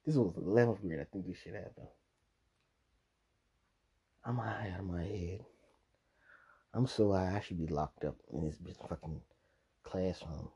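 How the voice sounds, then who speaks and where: A man's voice: sits low, measured pace, long pauses, dark tone, husky. A man hosting a podcast, telling casual stories full of profanity, frequent laughter and acted-out quotes. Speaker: podcast host. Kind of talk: casual storytelling.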